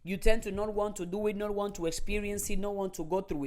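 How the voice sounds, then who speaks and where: A woman delivering a motivational monologue, slow and deliberate, repeating and building her phrases with emphasis. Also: mid-range voice, steady tone, darkish tone. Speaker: motivational speaker.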